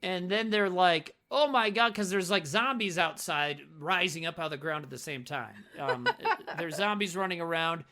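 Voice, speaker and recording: A man's voice: on the high side, moderate pace, hardly any pauses, bright, forceful tone. A man co-hosting a podcast, chatting casually and jokily about a movie, rambling and swearing freely. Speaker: podcast co-host.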